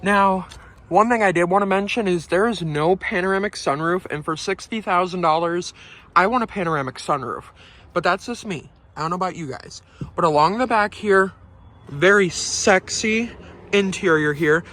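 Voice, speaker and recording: A man with a slightly raised pitch talks through a car's features in a relaxed, conversational way. He sounds upbeat and chatty, as if showing a friend around the interior. The voice comes from inside a car cabin. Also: normal speed. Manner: upbeat, conversational, points things out as he goes. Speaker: car reviewer. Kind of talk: casual walkaround review.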